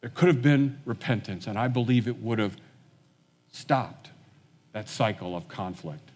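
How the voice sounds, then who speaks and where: A man preaching a sermon, retelling a story in a relaxed conversational way and acting out the characters' lines. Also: on the low side, a little slow, big-room sound. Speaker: pastor.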